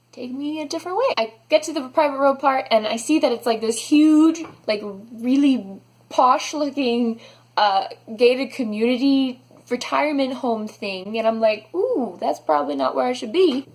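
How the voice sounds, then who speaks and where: A young woman telling a storytime vlog, animated and dramatic, saying "like" a lot. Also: high voice. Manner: animated, dramatic, heavy use of "like". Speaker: vlogger.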